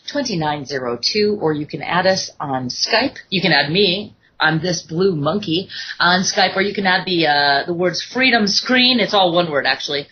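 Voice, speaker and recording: A woman's voice: on the low side, a little hiss or hum. A woman hosting a casual call-in radio talk show, chatty and full of fillers as she reads out statistics. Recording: dull lo-fi internet radio audio.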